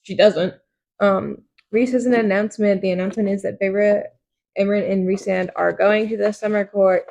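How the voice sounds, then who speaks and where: A woman's voice: medium pitch, fairly even intonation, normal speed, vocal fry, a little mellow. A young woman casually recapping book chapters for a podcast, acting out the characters' lines with lots of ums and the odd swear. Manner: retells scenes in quoted voices, frequent ums, swears casually. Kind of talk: casual book-club chat.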